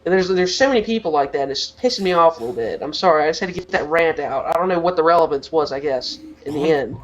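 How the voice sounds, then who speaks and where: A man's voice: a little high, fast talker, a little hiss or hum, poor audio. A teenage boy co-hosting a podcast, talking in a rambling casual rant full of "like" fillers. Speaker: podcast co-host.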